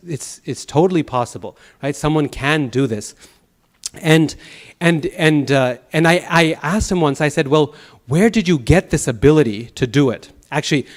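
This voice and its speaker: A man teaching a Sanskrit class at a temple, telling anecdotes in an animated way with chuckles and restarts. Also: on the high side. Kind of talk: lecture with anecdotes.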